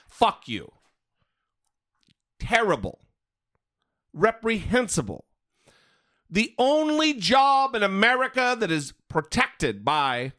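A man's voice: sits high, pushed and bright, no room sound, clean studio sound. A man hosting a political podcast, ranting with blunt profanity. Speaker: podcast host. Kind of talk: political commentary chat.

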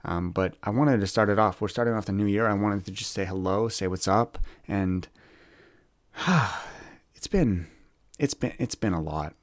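A man's voice: on the low side, moderate pace, dry recording, clean studio sound. A young man hosting a solo podcast, rambling candidly and often repeating words as he searches for what to say. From Canada. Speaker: podcast host.

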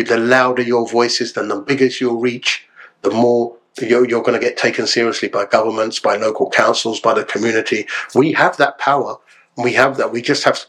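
A man talking as a podcast guest, chatty and animated, tagging his lines with "yeah?". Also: medium pitch. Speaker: podcast guest, solicitor and actor. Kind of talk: casual podcast chat.

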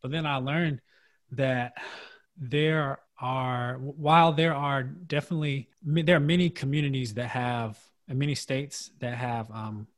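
A man's voice: medium pitch, steady tone, a little slow. A man hosting a casual podcast conversation, earnest and thinking aloud, restarting his sentences often. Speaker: podcast host.

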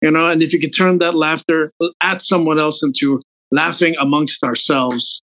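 A man's voice: on the high side, fairly even intonation, normal speed, bright, forceful tone. A Philippines-born man, a stand-up comedian whose first language is Tagalog, chatting in an interview with many restarts and "you know"s. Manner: rambling, restarts and repeats words, frequent "you know". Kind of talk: casual interview chat.

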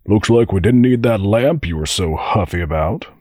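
A man's voice: fairly low pitch, lively intonation, moderate pace, a little mellow, no room sound, studio quality, voice pushed up. A man voicing a brash, teasing burly young man in an audiobook. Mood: wry. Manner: mocking, boisterous. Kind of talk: audiobook character voice.

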